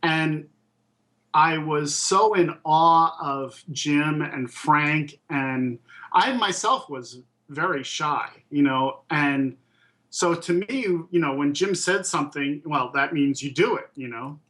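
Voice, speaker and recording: A man's voice: on the high side, slow pace, fairly bright tone, low-quality recording. A man in his fifties, a puppet and toy designer, telling stories in a casual interview with many ums and restarts. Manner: thoughtful, with frequent ums and restarts.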